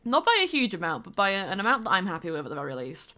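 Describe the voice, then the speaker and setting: A woman's voice: medium pitch, very animated, rapid-fire, bright, forceful tone. A woman streamer chatting casually while she builds in a game, rambling on with fillers and bits of humming.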